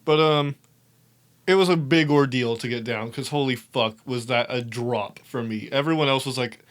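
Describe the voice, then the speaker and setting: A young man telling a story in a casual, animated way, swearing often and laughing as he talks. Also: mid-range voice, normal speed. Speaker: podcast host.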